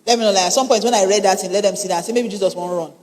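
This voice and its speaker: A woman pastor with a Nigerian accent preaching a sermon, animated and humorous, repeating lines for emphasis. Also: medium pitch, very fast, big-room sound.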